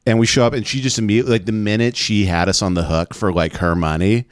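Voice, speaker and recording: A man's voice: lowish voice, quick pace, no room sound, clean studio sound. A young man co-hosting a casual comedy podcast, telling crude stories and mimicking people he mentions. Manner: storytelling with put-on voices, crude, animated. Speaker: podcast co-host.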